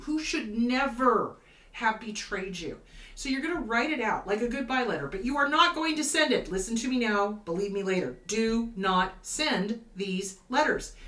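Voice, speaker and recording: A woman host, a therapist, giving advice in casual talk, emphatic and animated, acting out quoted voices. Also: mid-range voice. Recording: roomy echo, slightly distant from mic.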